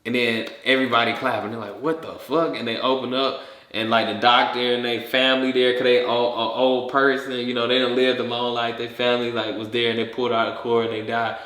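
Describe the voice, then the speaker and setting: A man's voice: mid-range voice, level tone, fast, sharp tone. A man co-hosting a podcast in casual chat, rambling and acting out voices as he tells a story. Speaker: podcast co-host. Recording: echoey room.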